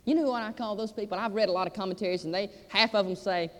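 Emphatic high-voiced male preacher in a reverberant hall. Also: fast talker, hardly any pauses, bright, forceful tone. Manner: emphatic, repeats "I'm telling you". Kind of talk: sermon.

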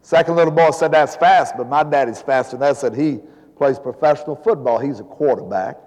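A man's voice: medium pitch, a little fast, a little mellow. A man in his seventies, an evangelist preaching a sermon in a church, telling folksy jokes before building to fervent preaching. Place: church sanctuary. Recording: long hall reverb.

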